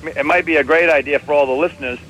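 A comedian from New tells sarcastic family stories. He talks in animated bursts and keeps chuckling at his own lines. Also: a little high, fast talker, rough recording. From New England. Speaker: comedian host. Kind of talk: comedic storytelling.

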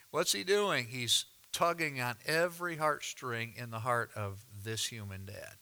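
A man preaching a sermon, reading scripture aloud and explaining it with deliberate, dramatic pauses. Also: mid-range voice, lively intonation, pushed and bright. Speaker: pastor.

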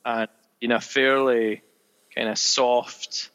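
A young man talking football on a casual podcast, calm and measured, with a dry edge. His voice sits in a middle register and he weighs his words. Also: medium pitch, clear, resonant tone, big-room sound, low-quality recording. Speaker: podcast co-host.

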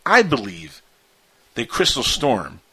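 A man's voice: medium pitch, wildly swooping pitch, slow, sharp tone, husky. Rambling, joking man radio host. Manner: rambling, filler-heavy, jokey. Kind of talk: casual radio banter.

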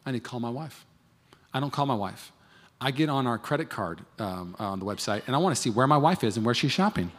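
A man's voice: medium pitch, animated, fast talker, a bit bright. A man in his thirties preaching a sermon, telling a marriage story and acting out both sides of it. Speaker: pastor. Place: large church hall. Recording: long hall reverb.

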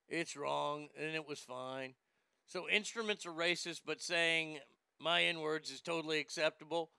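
Gravelly, bright-voiced male host ranting. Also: a little high, slow pace, pauses often, no room sound, clean studio sound. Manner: profane, stammers on repeated words. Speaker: sports show host. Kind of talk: ranting monologue.

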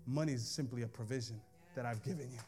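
A man preaching a sermon in church, moving between chatty asides to the congregation and sing-song, shouted cadences. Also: mid-range voice, fast talker, breathy edge, soft background music. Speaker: pastor.

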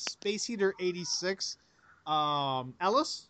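A man's voice: sits high, animated, moderate pace, fairly bright tone, a little hiss or hum. A man hosting a casual podcast, joking crudely and laughing often. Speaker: podcast host.

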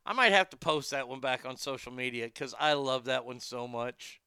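Man in his fifties, show host, animated storyteller, blunt, bright tense voice, very clear, dry sound. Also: medium pitch, normal speed, no room sound. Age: 50s. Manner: blunt and profane. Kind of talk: casual chat reading viewer comments.

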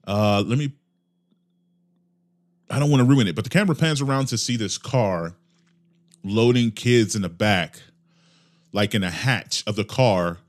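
A man hosting a comedy podcast, delivering a casual, profane monologue with lively swings in pitch and loudness. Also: measured pace, long pauses. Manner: animated, profane ranting with mock voices. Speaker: podcast host.

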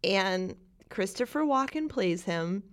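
A woman's voice: mid-range voice, takes it slowly. A woman co-hosting a podcast, chatting casually and animatedly about a movie. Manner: animated, acts out quotes with laughs. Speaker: podcast co-host.

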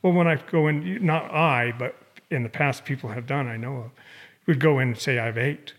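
Animated male interview guest. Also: medium pitch, brisk. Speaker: guest, amateur dog trainer. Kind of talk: casual interview chat.

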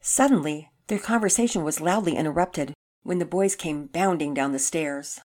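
A woman narrating a children's story in an expressive reading voice. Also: deep voice, normal speed.

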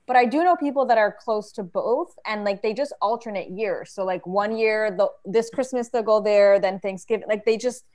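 A woman's voice: mid-range voice, moderate pace, hardly any pauses, darkish tone. A woman guest comedian chatting casually on a podcast. She tells her stories in a rambling way, padding them with "like" as she goes. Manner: rambling storytelling, heavy with "like". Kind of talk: casual chat.

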